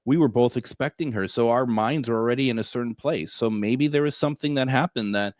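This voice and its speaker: A man's voice: mid-range voice, a little fast, darkish tone, no echo, studio quality. A man hosting a casual radio talk show, chatty and laughing often.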